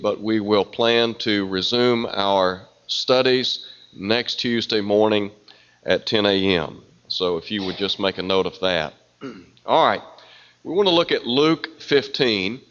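A man's voice: medium pitch, fairly bright tone. Nasal male preacher with a stuffy cold. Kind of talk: sermon. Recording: dull lo-fi sound.

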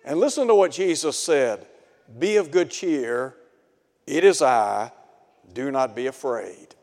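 A man's voice: medium pitch, expressive, slow, darkish tone. A man preaching a sermon in an earnest way, asking his listeners rhetorical questions. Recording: long hall reverb.

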